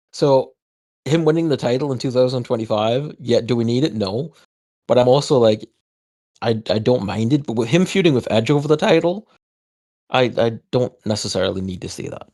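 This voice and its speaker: A man's voice: mid-range voice, lively intonation, normal speed, long pauses, darkish tone. A man co-hosting a podcast in casual chat, speaking hesitantly and mildly with many restarts. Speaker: podcast co-host.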